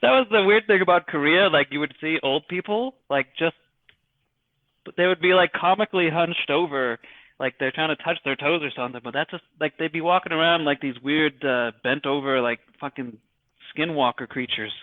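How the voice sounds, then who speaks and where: A male podcast guest in casual chat, talking haltingly with many restarts and crude swearing. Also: fairly high pitch, dry recording. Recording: dry, phone-like call audio.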